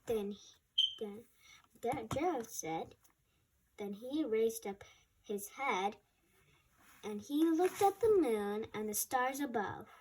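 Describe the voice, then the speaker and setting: A woman storyteller reading a rhyming picture book aloud, lively and casual, adding her own remarks between verses. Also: fairly high pitch, slow, long pauses, a little hiss or hum.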